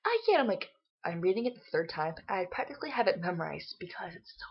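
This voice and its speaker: A young woman telling a story to her vlog camera, her voice husky with a gravelly edge. She rambles in a casual way, peppering every sentence with "like" and playing out the bits of dialogue. The recording is dull and lo-fi. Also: lowish voice, animated, fast. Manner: chatty retelling, full of "like", acting out quotes. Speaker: vlogger.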